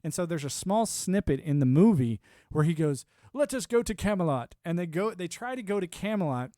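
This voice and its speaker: A man's voice: a little high, expressive, a little fast, dark tone, no room sound, clean studio sound. A young man hosting a livestream, rambling sardonically through a casual political rant and swearing freely. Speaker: livestream host.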